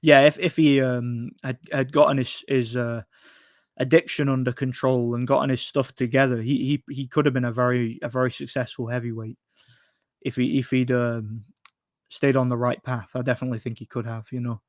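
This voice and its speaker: A man's voice: mid-range voice, flat delivery, normal speed, no room sound, clean studio sound. A man hosting a casual chat show, answering viewer questions in a rambling, opinionated way with many restarts.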